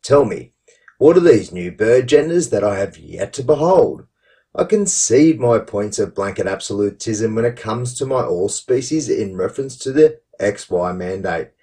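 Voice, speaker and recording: A man's voice: dark tone, distant mic. A man voicing a theatrical, mock-polite commenter, mocking with exaggerated politeness. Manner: exaggerated sarcastic politeness, rising high pitch.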